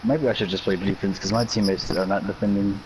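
A man's voice: sits low, fairly even intonation, fast talker, a little mellow, a little hiss or hum, low-quality recording. A young man in voice chat with friends, talking offhandedly about the game and giving his opinions. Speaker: teammate in voice chat. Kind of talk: casual voice chat while gaming.

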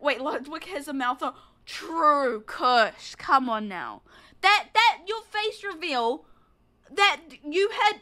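A woman's voice: very high-pitched, pushed and bright. A woman from New Zealand streaming a story game, chatting and teasing her viewers playfully with giggles. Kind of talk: casual let's-play chat.

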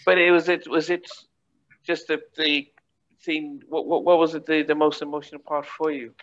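A man hosting a casual interview, asking halting questions with frequent restarts. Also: fairly high pitch, little pitch movement, a bit bright, lo-fi sound. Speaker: host.

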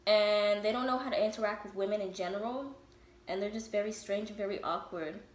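A young woman vlogger telling a story while doing her makeup, blunt and animated, with lots of swearing. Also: medium pitch, fairly quick. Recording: echoey room with faint background noise.

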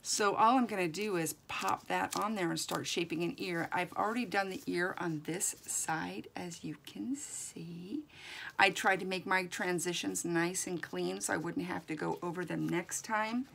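A woman's voice: on the low side, steady tone, moderate pace, vocal fry, few pauses, fairly bright tone. A woman giving a chatty, encouraging crafting tutorial as a doll artist, thinking aloud as she works.

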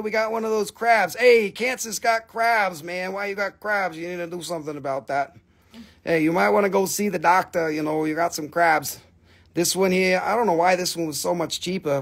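A man selling rocks and amber on a live stream, teasing viewers, swearing freely and rattling off bargain prices in non-native English phrasing. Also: high-pitched. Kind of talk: joking live sales pitch.

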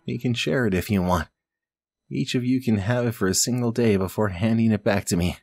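A man's voice: on the low side, fairly quick, gravelly, darkish tone, dry recording. A man reading the lines of a stern little girl witch from a game aloud, who threatens punishment in his own plain voice.

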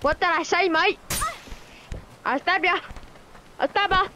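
A woman's voice: extremely high pitch, measured pace, pushed and bright, voice pushed up, exaggerated voice. A woman voicing a knife-waving Australian bloke, using a put-on Australian accent and repeating taunting threats. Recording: noisy game audio behind.

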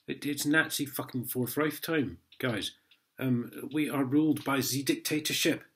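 A man's voice: medium pitch, unhurried, a bit bright. An Englishman in an angry vlog rant, swearing heavily and mocking a letter he reads aloud. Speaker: vlogger.

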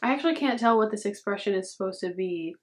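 A woman's voice: medium pitch, animated, fast, a little mellow. A young woman vlogging casually, reacting to memes with sarcastic, chatty commentary. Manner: sarcastic, says "dude" a lot. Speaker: YouTuber.

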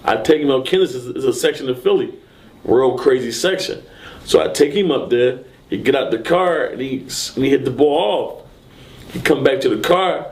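A man being interviewed, telling a story casually and acting out what people said with sudden high, loud bursts. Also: moderate pace. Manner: animated, acts out quotes and shouts in sudden high bursts.

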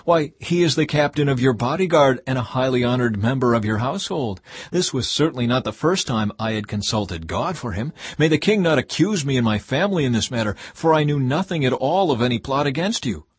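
A man's voice: medium pitch, expressive, a little fast, slightly rough, no room sound, pitched above the performer's own voice. A man reading as a pleading, frightened priest. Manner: pleading, defensive.

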